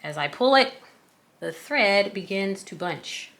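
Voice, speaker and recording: A woman's voice: mid-range voice, animated, slow pace, fairly bright tone. A woman with a Southern US accent, chatting casually while walking viewers through a sewing tutorial in a folksy, self-deprecating way. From American South. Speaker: craft tutorial host.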